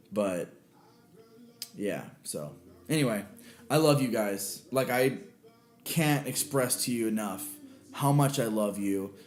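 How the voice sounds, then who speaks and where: A man's voice: mid-range voice, a little mellow. A man hosting his own podcast alone, talking in a rambling, emotional way with swearing and many restarts. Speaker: podcast host. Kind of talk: casual solo podcast monologue. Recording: roomy echo with faint music.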